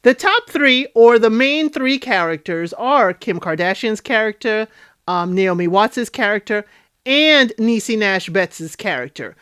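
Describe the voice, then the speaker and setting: A woman hosting a casual TV recap and review, chatty and animated, talking straight to her viewers. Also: medium pitch, measured pace, clean tone, no echo, studio quality. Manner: chatty, animated, addresses viewers directly, frequent "you know" and "okay?". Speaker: TV recap host.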